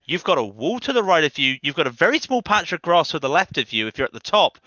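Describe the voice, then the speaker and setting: A man's voice: fairly high pitch, sing-song, quick pace, pushed and bright, no echo, highs cut off. A man commentating a sim race broadcast in a chatty, jokey way, laughing easily.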